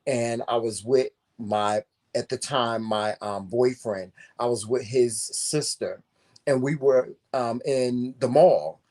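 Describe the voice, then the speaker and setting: A man co-hosting a casual talk show, telling a personal story in an animated, profane and emphatic way. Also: mid-range voice, slow.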